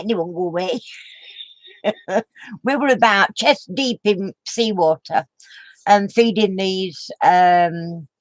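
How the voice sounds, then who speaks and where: A woman's voice: on the low side, no echo. An older woman telling a funny story as a craft vlogger, laughing through her words and tossing in homely exclamations. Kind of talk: rambling anecdote to camera.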